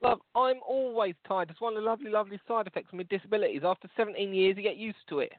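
High-voiced crude man, lo-fi. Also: racing, no echo. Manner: crude, mocking, rambling. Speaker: co-host. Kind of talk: casual comedy podcast banter. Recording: dry, phone-like lo-fi sound.

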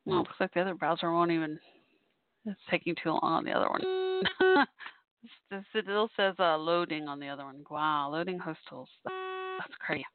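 A woman's voice: deep voice, steady tone, fast, smooth, no echo. Tired chatty woman on a thin line. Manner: chatty, meandering, tired with yawns. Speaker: podcast host. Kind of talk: casual live call-in chat. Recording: thin phone-like dry sound.

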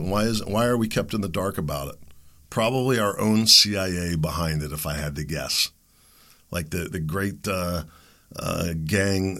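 A male podcast host giving solo commentary, animated and questioning with sarcastic asides. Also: low-pitched.

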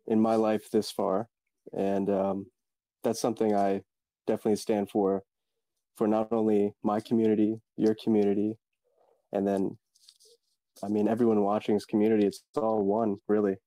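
An earnest man introduces himself as a guest, speaking in a measured way with pauses and fillers. His voice is low, very dark and mellow, with little rise and fall. The recording is dry, with no room sound. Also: no room sound. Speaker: guest team member. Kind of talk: casual introduction.

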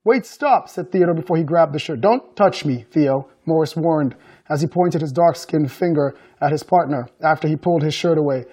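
A male author reading aloud from his novel with measured storytelling. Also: a little high, steady tone, dark tone. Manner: measured storytelling with acted dialogue.

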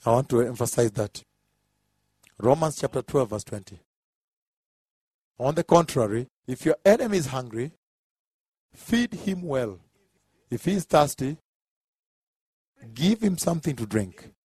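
A man's voice: mid-range voice, big pitch swings, unhurried, pauses often, warm tone, slightly rough, dry recording, clean studio sound. A man preaching a sermon, counting off points emphatically and laughing at his own humor.

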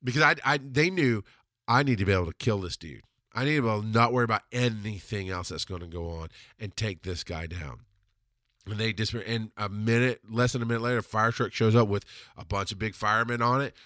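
A man's voice: lowish voice, sharp tone, no room sound. Blunt, intense man in a dry room. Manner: intense and blunt, swears freely; emphatic, slows down on hard points. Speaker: podcast host answering listener questions. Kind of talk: casual monologue.

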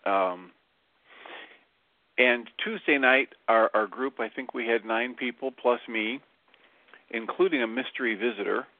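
A man calling in to a radio show and giving a relaxed report on a group meeting, with many fillers. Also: medium pitch, unhurried, pauses often, no echo. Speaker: regular caller, group leader. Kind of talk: casual call-in report. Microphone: phone. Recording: dry phone-line audio.

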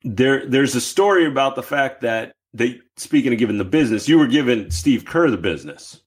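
A man's voice: medium pitch, animated, brisk. A man hosting a podcast, asking long rambling questions. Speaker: podcast host. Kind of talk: interview questions.

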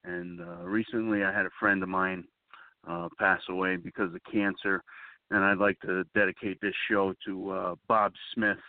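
Middle-aged man, show host, halting somber talk, low voice, tinny phone-line sound. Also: level tone, dry recording. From East Haven, Connecticut. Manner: halting, many "uh" pauses, somber. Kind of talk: casual talk show hosting.

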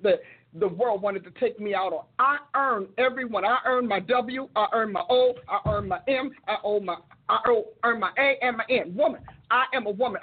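A woman's voice: fairly high pitch, breathy edge. An older woman, a minister and host, giving a sermon-like talk in an emphatic, repetitive preaching cadence over a tinny, phone-like recording.

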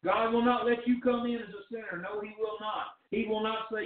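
A man preaching a fervent sermon as pastor, with rising shouts and drawn-out phrases. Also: sits high, level tone. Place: church sanctuary. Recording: distant, echoey, phone-like church recording.

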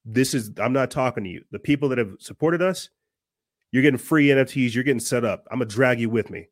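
A man's voice: mid-range voice, quick pace, no echo, clean studio sound. A man hosting his own podcast, delivering an earnest, fiery, preachy monologue full of restarts. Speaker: podcast host. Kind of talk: impassioned monologue.

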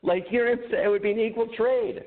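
A man's voice: high voice, steady tone, moderate pace. A man co-hosting a podcast, telling rambling stories in casual chat with frequent laughter. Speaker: podcast co-host. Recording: tinny phone-like line.

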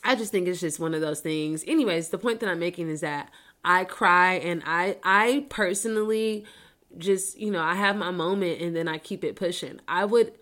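A woman's voice: lowish voice, moderate pace, a bit bright. A woman hosting a podcast in a casual chat, speaking in a candid, emotional way with plenty of swearing. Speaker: podcast host.

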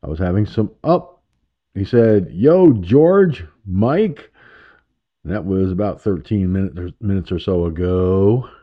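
On a casual internet radio show, a low-pitched male host talks at normal speed, wandering from point to point and chuckling at his own remarks. The recording sounds muffled and low quality.

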